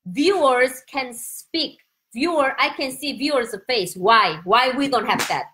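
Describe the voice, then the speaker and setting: A woman from Korea with a Korean accent, a Korean teacher giving a casual, excitable and spontaneous live-stream lesson. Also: high voice, unhurried. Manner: excitable, laughing, chatty and spontaneous.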